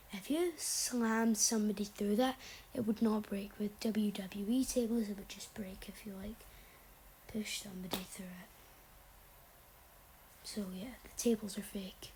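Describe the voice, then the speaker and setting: A woman's voice: mid-range voice, unhurried, darkish tone, husky, poor audio. A young woman casually rambling through wrestling predictions, often sliding into a whisper, blunt and offhand. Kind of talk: casual chat.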